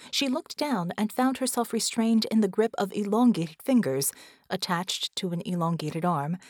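A woman's voice: medium pitch, no echo. Woman narrating an audiobook, dry and close. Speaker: audiobook reader.

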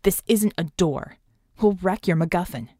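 A man's voice: high voice, normal speed, mellow, no echo, clean studio sound. A woman voicing a tough male thief, growling and slurring his words. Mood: gruff.

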